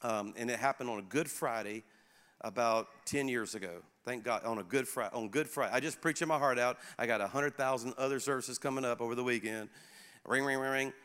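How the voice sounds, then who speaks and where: A middle-aged male pastor preaching a sermon in a conversational, animated way, speaking directly to his congregation. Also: medium pitch, a little fast. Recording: echoey hall.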